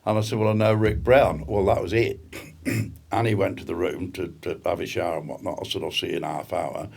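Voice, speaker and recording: Older man, husky and very low, rambling anecdotal guest. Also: flat delivery, a little fast, darkish tone. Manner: rambling anecdotes with frequent throat clearing and chuckles. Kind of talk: casual storytelling chat.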